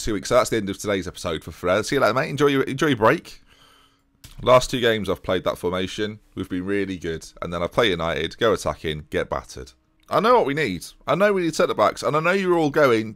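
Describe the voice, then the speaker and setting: A man's voice: lowish voice, a bit bright, no echo, clean studio sound. A man giving a let's-play commentary as a gaming YouTuber, exasperated and self-mocking as he talks over his game.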